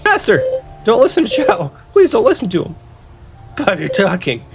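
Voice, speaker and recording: A man squeaking as Bob, a frantic pet bird. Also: huge pitch swings, normal speed, gravelly, over loud music, full character voice. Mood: pleading. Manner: high pleading squeak. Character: small loyal talking pet bird, frantic.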